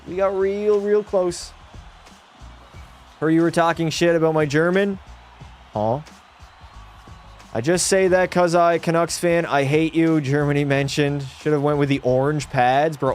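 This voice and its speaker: A young man streaming a hockey video game, commentating live and swinging into frustrated yelling at bad plays. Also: on the high side. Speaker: gaming streamer.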